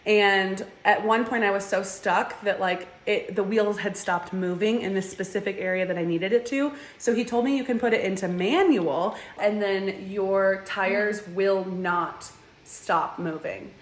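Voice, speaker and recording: A woman's voice: mid-range voice, unhurried, roomy sound. Chatty young woman telling a story. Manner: animated, says "like" often, acts out quotes. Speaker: guest, van dweller. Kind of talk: casual interview storytelling.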